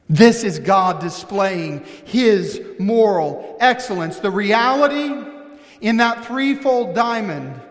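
A pastor preaching a sermon with passion, calling out members of his congregation by name. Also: high-pitched. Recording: long hall reverb.

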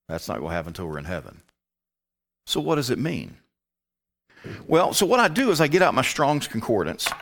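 A man's voice: on the low side, a bit bright. A man teaching a Bible lesson as a pastor, talking his way step by step through a word study with muttered asides.

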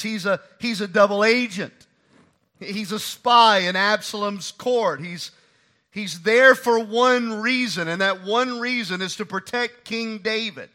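Male pastor, high bright voice, preaching with big loud-to-soft swings. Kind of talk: sermon.

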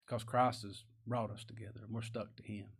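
A man's voice: on the low side, flat delivery, a little fast, creaky, husky. A man preaching a sermon, folksy and plain-spoken, asking the congregation rhetorical questions and reading scripture aloud. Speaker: pastor.

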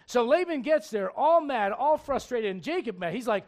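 A man preaching a sermon, telling a Bible story in a lively, conversational way, acting out the characters and asking his listeners questions. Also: very high voice, brisk, few pauses. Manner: animated storytelling, acts out characters, asks the crowd questions. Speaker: pastor.

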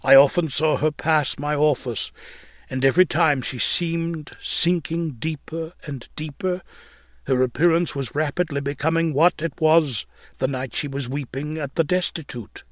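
Slow, solemn male narrator. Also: fairly high pitch, fairly even intonation, no echo, studio quality. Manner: solemn, mournful moral preaching, swelling in emphasis. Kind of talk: dramatic reading of an old religious tract.

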